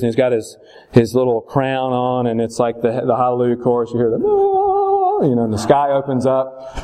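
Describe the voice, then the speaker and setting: Brief: a male Bible teacher, relaxed and conversational, keeps asking rhetorical questions. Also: mid-range voice. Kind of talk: Bible lesson.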